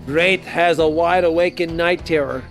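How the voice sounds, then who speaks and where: A man's voice: fairly high pitch, steady tone, moderate pace, soft background music. A male streamer reading a dating game aloud in a rambling way, often correcting himself mid-sentence. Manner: rambling, self-correcting, giggly.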